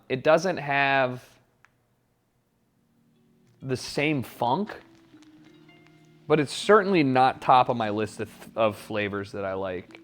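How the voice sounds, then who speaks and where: He has a mid-range, fairly bright voice and cooks at home on a live stream through a wired mic. Profane and rambling, he swears freely and responds to his chat as he goes.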